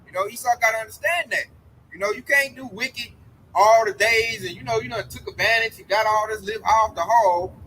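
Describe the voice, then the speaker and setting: Brief: high-pitched bright man, street preacher, animated profane storyteller, outdoors with faint traffic. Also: brisk, rough recording. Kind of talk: casual chat. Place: outdoors by a road.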